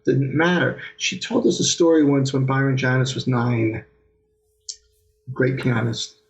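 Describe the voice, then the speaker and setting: A man, a pianist, telling lively stories in an interview and acting out his old teacher's remarks. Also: mid-range voice, a little slow, poor audio. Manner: animated anecdotes, mimics his teacher's voice. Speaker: pianist guest. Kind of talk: conversational storytelling interview.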